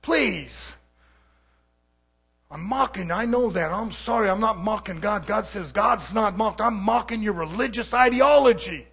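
Fiery high-voiced man preaching. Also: normal speed, vocal fry, few pauses, slightly rough. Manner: swings between muttered asides and shouting. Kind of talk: sermon.

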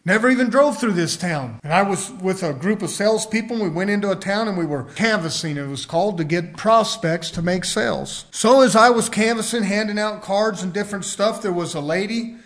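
A man's voice: high-pitched, a little fast, hardly any pauses, fairly bright tone. A middle-aged man preaching a sermon, telling a personal story and rising to emphatic outbursts.

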